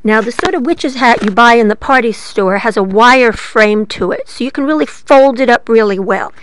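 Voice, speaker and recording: A woman's voice: on the high side, normal speed, a little hiss or hum. Playful woman telling a children's story. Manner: playful, lively, asks the listeners questions. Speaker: librarian storyteller.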